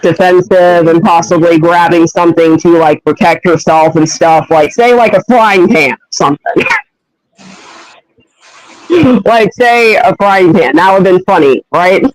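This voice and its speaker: Brief: chatty voice actor describing his story, high pitch, dry close mic. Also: moderate pace, no room sound, rough recording. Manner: rambling, many fillers. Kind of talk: casual storytelling.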